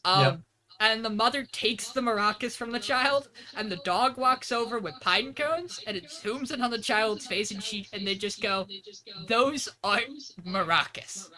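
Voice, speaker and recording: A woman co-hosting a podcast retells scenes with a deadpan dryness. Her voice has a bright, sharp edge, and her delivery stays casual and conversational. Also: fairly high pitch, moderate pace. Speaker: podcast co-host. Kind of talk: casual recap chat.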